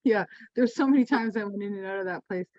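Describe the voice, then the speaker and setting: A woman medium from Canada, telling stories in a casual interview, animated and profane, laughing often. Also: medium pitch, fast, dry recording. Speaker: guest, spiritual medium. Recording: dull lo-fi sound.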